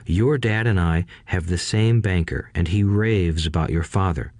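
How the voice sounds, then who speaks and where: A man reading as a gentle schoolteacher dad. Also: sits low, measured pace, no echo, clean studio sound. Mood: patient explaining. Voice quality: soft, patient. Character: kind, gentle schoolteacher father. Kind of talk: audiobook reading.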